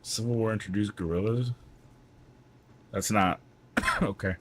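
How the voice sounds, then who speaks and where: A male gaming streamer with a somewhat low voice, chatting loosely as he plays. He rambles from one joke to the next, swearing freely in a relaxed, offhand way. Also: measured pace, a little hiss or hum. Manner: rambling, profane, joking. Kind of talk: casual chat while playing.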